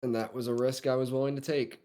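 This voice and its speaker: A man speaking as a battered young adventurer, still dazed from a beating, who argues back stubbornly in a casual tabletop game. His voice sits at an ordinary middle pitch and in his own everyday tone. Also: level tone, fast, dark tone, close to an everyday voice. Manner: stubborn, self-justifying. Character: dazed young male adventurer, concussed and defensive.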